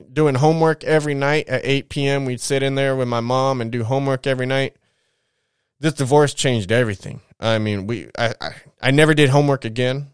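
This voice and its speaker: A young man tells a personal story, candid and profane, and he gets lively when he quotes people. His voice is smooth and resonant, recorded close and dry. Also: medium pitch, no room sound. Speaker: vlogger.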